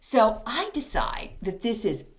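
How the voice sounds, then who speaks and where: A woman's voice: on the high side, wildly swooping pitch, unhurried. A woman in her fifties, a podcast host, telling a comedic story in a snarky, exasperated way.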